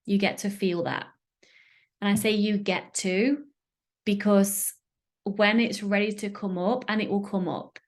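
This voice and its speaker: A woman's voice: medium pitch, steady tone, measured pace. A woman with a British accent hosting a solo podcast, talking earnestly and emotionally, often searching for words. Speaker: podcast host. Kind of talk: candid solo podcast talk.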